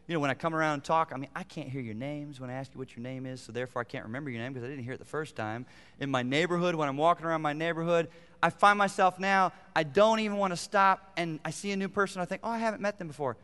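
A middle-aged male pastor preaching with a bright, forceful, resonant voice pitched a little high. He swings from emphatic climbs down to hushed, conversational asides. His sermon rings with the long reverb of a large church hall. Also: fast talker, clear, resonant tone. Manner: animated, rising to emphatic peaks then dropping to quiet asides. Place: church sanctuary.

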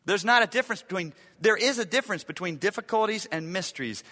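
A man preaching a sermon as pastor, emphatic, repeating key lines and swinging from loud to hushed. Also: high voice, expressive, fast, in a large hall.

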